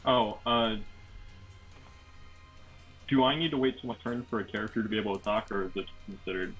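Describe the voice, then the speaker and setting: A man's voice: on the low side, fairly quick, a bit bright, breathy edge, faint music behind, rough recording. A young man playing a cleric in a tabletop game, chatting casually and joking around with the group. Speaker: player, a cleric.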